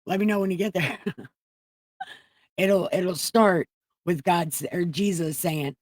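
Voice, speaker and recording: A woman's voice: fairly low pitch, slow, pauses often, no room sound. A woman hosting a comedic Bible reading, paraphrasing with profane jokes. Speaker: host reading the Bible aloud.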